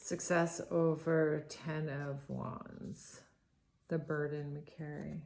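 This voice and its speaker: A woman giving a spontaneous tarot reading, awed and halting, with frequent sighs and restarts. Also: deep voice, little pitch movement, vocal fry, a little mellow. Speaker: tarot reader. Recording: roomy echo with faint noise.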